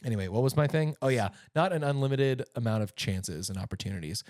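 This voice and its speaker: A man in his thirties co-hosting a casual podcast chat, animated and jokey, rambling through stories. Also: mid-range voice, fast talker, no echo, studio quality. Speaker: podcast co-host.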